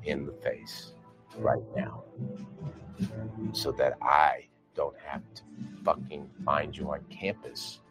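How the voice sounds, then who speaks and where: An actor reading out an angry email as a furious young sorority officer, profane and sneering, often breaking into shouts. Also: male voice, very deep voice, little pitch movement, takes it slowly, pauses often, music in the background, heavily acted. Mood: seething. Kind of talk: dramatic reading of a profane rant.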